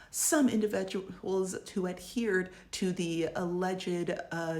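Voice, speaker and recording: A young woman from the United States talks through a casual video essay. She is sarcastic and full of joking asides, and her pitch jumps up and down. Her voice sits in the middle range and rings in an echoey room. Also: darkish tone. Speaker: journalist and commentator.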